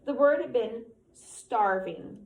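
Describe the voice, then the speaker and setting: A woman reading a novel aloud to a student in a steady, even way, now and then stopping to ask questions. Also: fairly high pitch, slow, creaky, narrow, tinny audio. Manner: reads steadily, stops to quiz the listener. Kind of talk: classroom read-aloud of a novel. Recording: echoey room, faint ambience.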